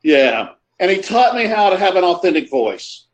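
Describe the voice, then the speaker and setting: A man's voice: high-pitched, very animated, normal speed, muffled recording. Middle-aged man, reflective storyteller. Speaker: guest. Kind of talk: storytelling conversation.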